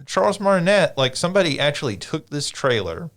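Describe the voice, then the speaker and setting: A man's voice: on the high side, a little fast. Chatty man podcast co-host. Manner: animated, rambling with many "like"s. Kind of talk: casual chat.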